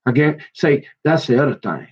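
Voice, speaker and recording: Husky man rambling casually, lo-fi. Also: medium pitch, lively intonation, normal speed. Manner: slangy, digressive, acts out imagined voices. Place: at home. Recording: dull lo-fi sound.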